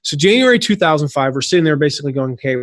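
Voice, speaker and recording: A man around forty talks as a guest in a casual, animated storytelling style. His voice sits a little high for a man and sounds close and dry. He keeps the chat flowing, with fillers and quick restarts. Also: dry recording. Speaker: podcast guest, affiliate marketing consultant.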